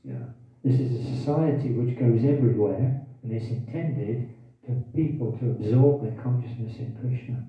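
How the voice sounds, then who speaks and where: A man's voice: mid-range voice, moderate pace, hardly any pauses. Brief: male lecturer, scripture class, asks the room questions, hiccups, distant tinny mic, big echo. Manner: questions the audience, repeats key phrases. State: has hiccups. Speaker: teacher giving a scripture class.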